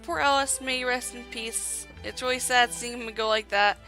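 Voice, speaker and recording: A young woman hosts a let's play, chatting casually and loosely over her gameplay at a desk mic. Her voice is a touch high and bright, with a gravelly edge. Faint game music sits underneath. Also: fairly even intonation, normal speed, poor audio. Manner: chatty, with many fillers.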